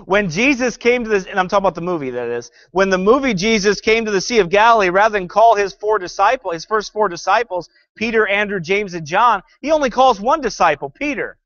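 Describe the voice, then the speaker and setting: A man's voice: sits high, animated, a little fast, few pauses, a bit bright, no room sound, highs cut off. A male pastor preaching a sermon that critiques a film, fervent and sarcastic by turns, often reading scripture aloud.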